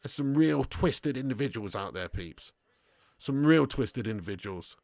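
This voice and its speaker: A man's voice: mid-range voice, expressive, measured pace, gravelly, a little mellow, no room sound. A tired man hosting a live football watch-along, reading viewer messages with sweary, blokey banter. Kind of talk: live stream chat reading super chats.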